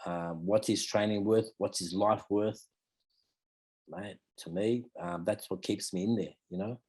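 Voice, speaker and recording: A man's voice: fairly low pitch, steady tone, unhurried, darkish tone, slightly rough. An Australian man in his fifties, a martial arts teacher talking casually in an interview, rambling and leaning on fillers like "you know" and "mate". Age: 50s.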